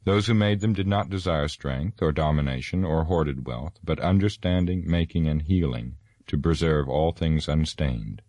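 A man voicing a wise, ancient elf lord who speaks gravely and with sorrow. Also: very deep voice, moderate pace, few pauses, mellow, no room sound. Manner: grave, lofty, sad.

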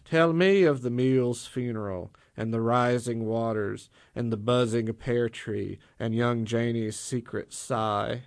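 A man reading a story voices a tall, mocking woman of power who teases and taunts in quick patter. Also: medium pitch, steady tone, vocal fry, dry recording, clean studio sound. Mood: taunting.

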